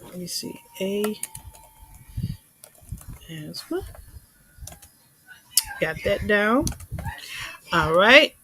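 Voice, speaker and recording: Slow-talking woman hosting a livestream. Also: medium pitch, big pitch swings, sharp tone, a little hiss or hum, poor audio. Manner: chatty, laughs often, reads comments aloud. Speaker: livestream host. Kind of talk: casual live chat reading comments.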